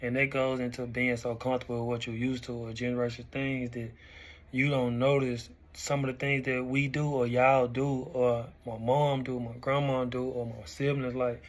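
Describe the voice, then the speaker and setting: A young man in his twenties, hosting a weekly talk segment and reflecting in a relaxed, conversational way. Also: mid-range voice, normal speed. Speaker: host. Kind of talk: casual talk-show commentary.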